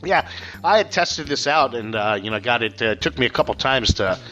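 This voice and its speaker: A man's voice: medium pitch, animated, moderate pace, a bit bright. A man co-hosting a casual podcast chat, a comedian who tells self-deprecating stories with a joking manner. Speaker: co-host, comedian. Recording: dull lo-fi audio with faint music.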